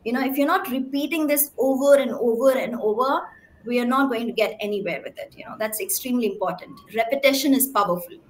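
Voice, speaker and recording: Female speech therapist, slightly high voice, clear emphatic teaching delivery to parents, asks the room questions. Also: quick pace. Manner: clear, emphatic teaching with frequent "right?" check-ins. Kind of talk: talk to parents.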